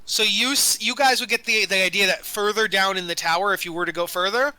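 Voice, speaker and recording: A man running a tabletop game as dungeon master, narrating in a rambling way, full of fillers and quick self-corrections. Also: high-pitched, sharp tone, smooth, dry recording, poor audio.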